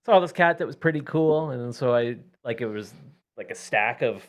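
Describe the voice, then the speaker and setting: Relaxed, jokey man on a talk show. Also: medium pitch, brisk. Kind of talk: casual live talk-show chat.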